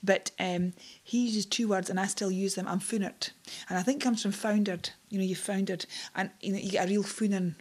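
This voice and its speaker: A woman's voice: medium pitch, fairly even intonation, fairly quick, few pauses, darkish tone. A Scottish woman in her fifties, chatting and telling anecdotes in a group interview, laughing often. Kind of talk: casual storytelling chat.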